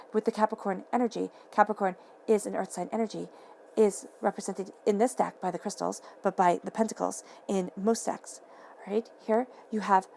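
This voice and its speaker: A woman giving a tarot reading to camera, earnest and excitable, repeating affirming phrases and sometimes tripping over her words. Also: medium pitch, vocal fry, a little hiss or hum. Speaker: tarot reader. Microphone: camera mic.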